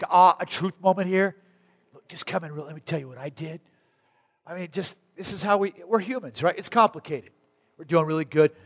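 Animated pastor preaching in a reverberant hall. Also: male voice. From Arizona, USA. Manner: conversational, animated preaching with sudden loud high bursts. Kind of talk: sermon. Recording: long reverb of a large hall.

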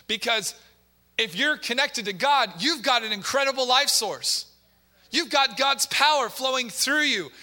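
A male pastor in full sermon mode, preaching with emphasis and repetition and firing questions at the congregation. His voice sits high and sounds very bright and forceful. Long church reverb trails behind every phrase. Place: church sanctuary.

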